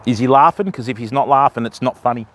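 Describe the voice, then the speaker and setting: A man's voice: mid-range voice, fast talker, fairly bright tone, slight background noise. An Australian man chatting casually on a live fishing stream, explaining step by step how to bait and rig for the viewers. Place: outdoors on a river bank at dusk.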